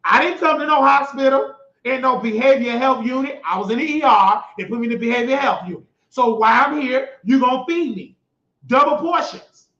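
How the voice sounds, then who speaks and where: A man hosting his show, telling a story in an emphatic, repetitive way that bursts into shouting. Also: extremely high pitch, fairly quick. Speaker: host. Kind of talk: animated storytelling monologue. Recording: echoey, dull lo-fi recording.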